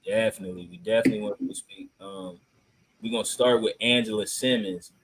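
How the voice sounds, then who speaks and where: A man's voice: fairly low pitch, fairly even intonation, quick pace, background noise. Laid-back slangy male podcast host. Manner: laid-back, slangy, many filler ums. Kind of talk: casual chat reacting to clips.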